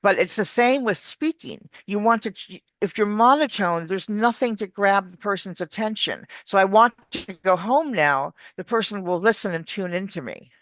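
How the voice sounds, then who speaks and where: Giving explanatory interview answers, this accent coach sounds like an animated teacher and demonstrates words as she goes. Her pitch is medium and her speed normal, with few pauses and no echo in the recording.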